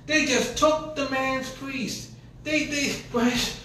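A man's voice: extremely high pitch, steady tone, slow pace, sharp tone, slight background noise. A man preaching a sermon, retelling scripture in casual, colloquial paraphrase, recorded in a church. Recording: echoey room from a distance.

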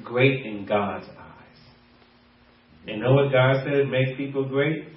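Heard from a distance in an echoey space, a man preaches slowly in a mid-range voice. He's a pastor in a playful mood, often laughing as he performs bits of daily dialogue, and the audio is muffled.

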